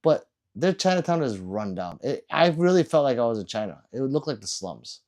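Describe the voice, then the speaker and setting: Animated, joking male livestreamer. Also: medium pitch, a little fast. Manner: joking, teasing, rambling. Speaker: livestreamer reading chat. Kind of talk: casual livestream chat.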